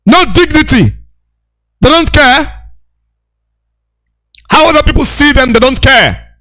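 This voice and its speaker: A man with a very high voice lectures with fervor, hammering the same points again and again and often raising his voice to a shout. The sound is dry, with no room around it. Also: lively intonation, unhurried, dry recording. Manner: preachy, repetitive, shouting rebukes. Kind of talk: impassioned lecture.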